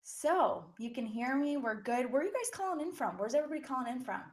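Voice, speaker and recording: A woman's voice: sits high, expressive, fast, a little mellow. Chatty young woman hosting a live webinar. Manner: chatty, friendly, many fillers, greets viewers by name. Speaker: webinar host. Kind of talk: casual live webinar chat. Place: at home. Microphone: own microphone on a live stream.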